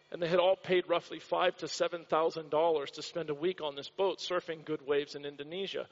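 A man from the United States preaching a sermon in a church, telling a story with dramatic repetition. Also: on the high side. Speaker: pastor. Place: church hall. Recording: dull recording with long hall reverb.

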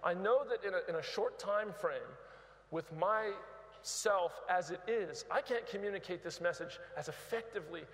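High-voiced man preaching. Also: normal speed, fairly bright tone. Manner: emphatic, repeats words, prods the crowd. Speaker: guest preacher. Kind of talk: sermon. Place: large open church. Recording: reverberant big church hall.

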